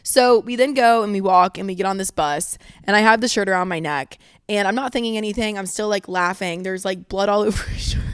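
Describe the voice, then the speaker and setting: A woman's voice: mid-range voice, a little fast, hardly any pauses, smooth, dry recording, clean studio sound. A young woman hosting a podcast, telling a story casually, swearing freely, saying "like" a lot and laughing as she goes. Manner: animated, laughs while telling. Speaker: podcast host.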